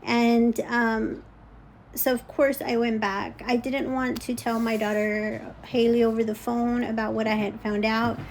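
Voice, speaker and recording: A woman's voice: fairly high pitch, little pitch movement, a little slow, a little hiss or hum, rough recording. A middle-aged woman telling a personal story, agitated, full of fillers and restarts, acting out what others said. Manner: agitated, frequent fillers and restarts, acts out quoted speech. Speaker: vlogger.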